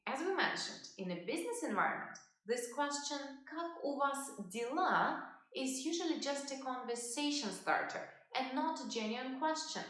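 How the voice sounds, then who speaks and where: High, lively Russian-accented teacher, echoey room. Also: female voice. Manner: slow, clearly modelled pronunciation. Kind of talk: language lesson.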